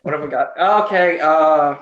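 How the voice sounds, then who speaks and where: A man playing a tabletop game, asking quick joking questions and swearing casually. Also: fairly high pitch, fairly even intonation, fairly bright tone, dull audio. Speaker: player. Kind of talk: casual chat. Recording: roomy echo.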